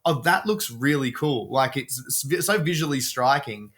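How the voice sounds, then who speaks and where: A man's voice: mid-range voice, lively intonation, normal speed, a bit bright. Man chatting about tabletop games. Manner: chatty, asks questions, self-interrupting. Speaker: podcast co-host. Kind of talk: casual chat.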